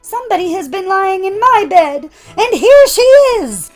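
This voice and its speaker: A woman voicing a tiny young male bear with a sharp, shrill little voice in a storybook reading. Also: big pitch swings, normal speed, faint music behind. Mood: indignant.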